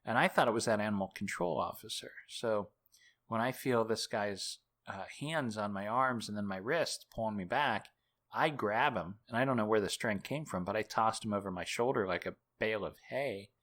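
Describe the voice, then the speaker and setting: A man's voice: fairly low pitch, normal speed, a bit bright. A man being interviewed as an author and journalist, telling a long story in a rambling, self-mocking way full of fillers and restarts.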